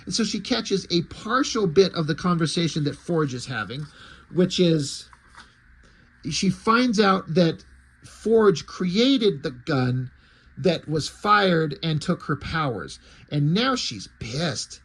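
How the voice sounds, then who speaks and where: A man's voice: a little high, sing-song, takes it slowly, breathy edge. A man reviewing comics in a casual, wry way, with fillers and mild swearing. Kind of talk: casual chat.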